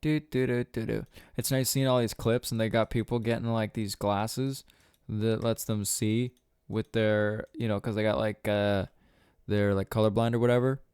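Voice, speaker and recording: A man's voice: on the low side, level tone, normal speed, darkish tone, smooth, dry recording, clean studio sound. A young man hosting a solo podcast, rambling casually, swearing often and laughing at his own jokes. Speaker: podcast host.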